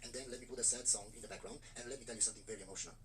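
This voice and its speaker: A man's voice: mid-range voice, fairly even intonation, very fast, a bit bright, distant mic, a little hiss or hum. A man commenting on clips in a scornful, lecturing tone. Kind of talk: rapid reaction commentary.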